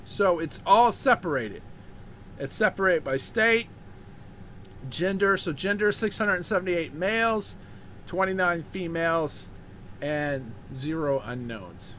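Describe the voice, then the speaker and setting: A man's voice: sits high, slow pace, fairly bright tone, slight background noise. A man hosting his own show, delivering a heated, profane ranting monologue and repeating words when worked up. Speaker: show host.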